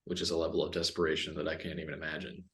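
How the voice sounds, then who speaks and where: A deep-voiced American man hosting a casual podcast. He talks politics bluntly and gets heated and profane, with a low register. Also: monotone, very fast, fairly bright tone. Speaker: podcast host.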